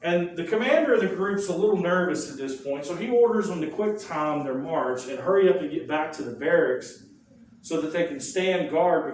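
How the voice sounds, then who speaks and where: A man teaching a history class, spinning the lesson as a lively story full of rhetorical questions and quick asides. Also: fairly high pitch, slight background noise. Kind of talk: classroom lecture. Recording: very echoey room, mic far off.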